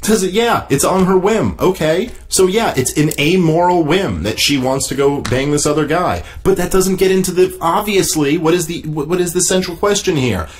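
A man's voice: on the high side, animated, normal speed, hardly any pauses. Male podcast host, solo commentary; swears freely, exasperated and mocking while rebutting a text.

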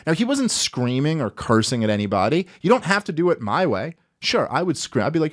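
A man's voice: a little high, fast, hardly any pauses, no room sound, clean studio sound. A man hosting a podcast, talking through political commentary casually, with plenty of swearing and acted-out quotes. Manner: animated, profane, acts out quotes. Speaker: podcast host.

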